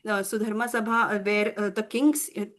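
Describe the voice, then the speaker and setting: A woman teacher telling a devotional story to children in an animated, stumbling way. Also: medium pitch, brisk. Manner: animated, many fillers and restarts.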